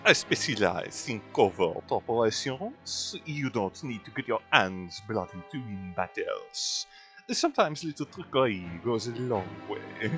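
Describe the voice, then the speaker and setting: A man putting on a cold, scheming woman admiral in a mock French accent, dropping into a lower pitch and speaking slowly. The delivery is menacing and composed, with a lively rise and fall and faint music behind it. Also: full character voice. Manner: slow, low, menacing delivery. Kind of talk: reading game dialogue aloud.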